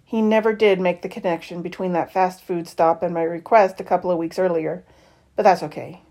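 Expressive woman reading a novel aloud. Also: fairly low pitch, brisk. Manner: expressive first-person narration with lively shifts in tone. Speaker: audiobook reader.

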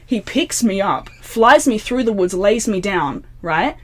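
A woman, an interview guest telling a long dream story in a casual, animated way, full of "like" and acted-out dialogue. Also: mid-range voice, unhurried.

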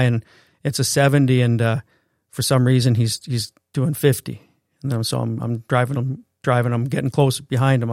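Man, gravelly voice, dry close sound, intense personal storytelling, frequent swearing and restarts. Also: mid-range voice, darkish tone, no echo. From Canada. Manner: raw, intense storytelling with profanity and repetitions. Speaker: podcast co-host. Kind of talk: personal story told in casual conversation.

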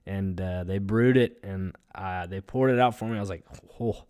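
A man's voice: sits low, normal speed, a little mellow, smooth. A young man, hosting a casual solo podcast from home, rambling with lots of fillers. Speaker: podcast host.

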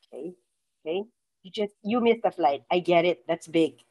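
Woman, Filipino accent, psychologist, casual explanatory talk, medium pitch, animated, acts out quotes. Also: normal speed, poor audio. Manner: lively, switches between English and Tagalog, acts out quoted thoughts in a higher voice. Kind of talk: casual talk on mental health.

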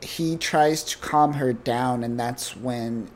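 A man's voice: mid-range voice, takes it slowly, crowd noise. Rambling casual man recapping a comic. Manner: rambling, joking, many fillers. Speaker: podcast co-host.

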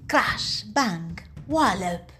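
Woman reading a kids story super slow, sing-songy, music in the back. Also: medium pitch. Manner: expressive, lingering on words. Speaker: storybook reader. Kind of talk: children's story read-aloud. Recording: music playing underneath.

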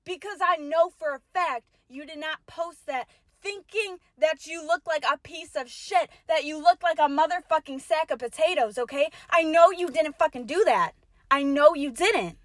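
A young woman with a high voice hosts her own podcast, talking on and on and cursing all the time. She swings from quiet mumbling to loud, indignant yelling. The sound is dry and close, with no room echo. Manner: profane, rambling, swings from mutter to loud yelling. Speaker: podcast host. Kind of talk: solo podcast rant.

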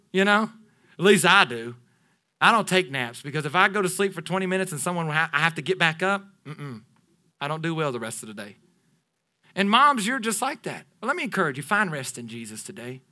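A pastor in his thirties preaching a sermon to his congregation, animated and joking with them as he goes. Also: high-pitched, normal speed, pauses often. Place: church sanctuary.

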